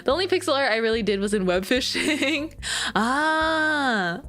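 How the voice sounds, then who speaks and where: A young woman chats with her viewers, giggling as she goes. Her voice is high and swings all over its range. She squeals when she acts out her own lines, and faint music plays behind her. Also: unhurried. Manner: giggly, animated storytelling with squealed quotes. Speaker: streamer. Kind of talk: casual chat with live viewers.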